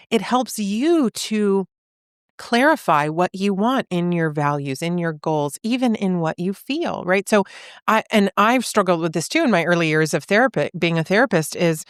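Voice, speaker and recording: A woman podcast co-host who works as a therapist, explaining ideas in a relaxed, thoughtful way and checking in with "right?" and "you know?". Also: mid-range voice, normal speed, clear, resonant tone, no echo, studio quality. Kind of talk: casual faith podcast conversation.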